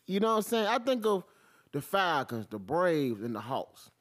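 A man, hosting his own podcast and ranting about sports in an animated, profane style. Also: normal speed. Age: 40s. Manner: animated, swings from low mutter to loud outbursts, heavy cursing. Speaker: podcast host. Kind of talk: profane solo sports rant.

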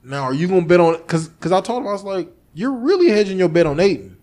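Male podcast host, slightly higher pitch, animated and profane storyteller. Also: quick pace. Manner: animated storytelling, acting out his own past lines, swearing freely. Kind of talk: casual chat.

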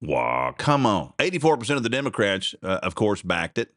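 Animated sarcastic male talk host. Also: on the low side, moderate pace, no room sound, clean studio sound. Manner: animated, sarcastic, laughing often. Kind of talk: casual political commentary.

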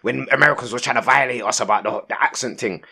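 A man's voice: medium pitch, quick pace, creaky, sharp tone, slightly rough. A man co-hosting a casual podcast, laid-back and heavy on slang. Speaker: podcast co-host. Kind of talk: casual chat.

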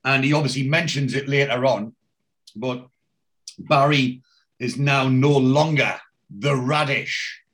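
A man's voice: mid-range voice, takes it slowly, fairly bright tone. A man chatting casually as a podcast host, retelling scenes and reading out characters' lines with plenty of ums. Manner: reads out character lines in a plain retelling voice, many fillers. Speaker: podcast host recapping a TV episode.

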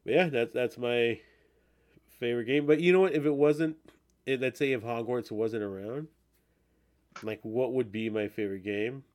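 A man chatting on a podcast in a middle-pitched voice. He rambles and swears freely, often restarting his sentences as he talks. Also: normal speed, pauses often, darkish tone. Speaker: podcast host. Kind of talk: casual chat.

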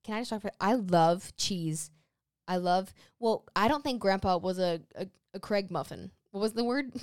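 A woman co-hosting a podcast in casual chat, bubbly and chatty, quick to joke. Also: mid-range voice, clear, resonant tone, dry recording, clean studio sound. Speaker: podcast co-host.

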